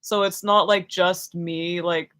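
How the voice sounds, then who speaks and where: A woman's voice: fairly low pitch, steady tone, slow, a bit bright, smooth. Young woman, casual livestream chat, self-conscious and giggly, lots of likes and restarts. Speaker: spiritual mentor hosting a live Q&A.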